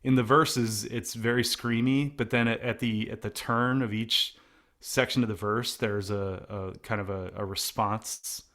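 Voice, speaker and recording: A man's voice: lowish voice, steady tone, a little slow, a bit bright. A middle-aged man, singer in a band, talking casually in an interview, rambling with many restarts and fillers. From United States. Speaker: singer of a post-hardcore band.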